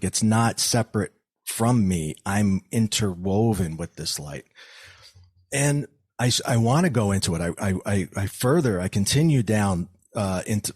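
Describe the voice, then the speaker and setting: A man's voice: lowish voice, a little mellow, no room sound. A man telling his own story as a podcast guest, in an earnest way with frequent restarts and fillers. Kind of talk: personal storytelling in an interview.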